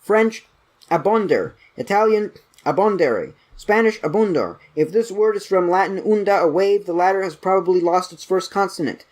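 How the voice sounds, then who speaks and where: A man reading dictionary entries aloud at a brisk pace, stumbling now and then and correcting himself. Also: sits high. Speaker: channel host reading aloud.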